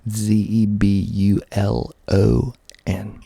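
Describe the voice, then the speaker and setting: A man, hosting a soft-spoken ASMR video, speaking slowly and deliberately into a close mic with a pop filter, with wry asides. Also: on the low side, level tone, creaky, breathy edge, dry recording. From Georgia, USA. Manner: slow, deliberate, half-whispered delivery with wry asides. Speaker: ASMR channel host.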